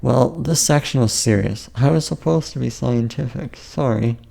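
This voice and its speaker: A man's voice: mid-range voice, moderate pace, vocal fry, warm tone. A man narrating his own memoir as an audiobook, casual and joking, with wry asides.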